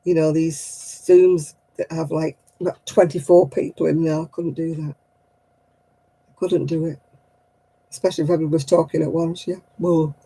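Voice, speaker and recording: A woman's voice: low-pitched, flat delivery, normal speed, dark tone, breathy edge, poor audio. A woman hosting a craft livestream, chatting casually, laughing often and acting out other people's voices. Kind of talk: casual chat.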